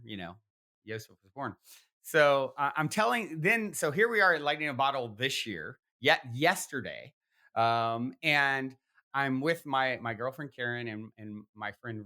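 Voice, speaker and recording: Hosting a podcast, a man with a mid-range, bright voice tells a long personal story in animated conversation. His tone is forceful, and the telling rambles with many fillers and restarts.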